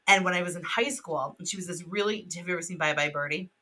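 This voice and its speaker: A young adult woman co-hosting a podcast in casual chat. She is animated, swears freely and laughs often. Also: fairly low pitch, quick pace, poor audio. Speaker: podcast co-host.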